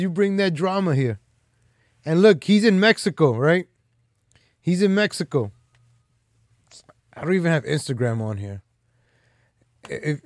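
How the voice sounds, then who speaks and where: A man's voice: fairly high pitch, darkish tone, no room sound, clean studio sound. A man hosting a live stream in loose, rambling casual talk, full of "like" and "man" fillers, teasing and boastful.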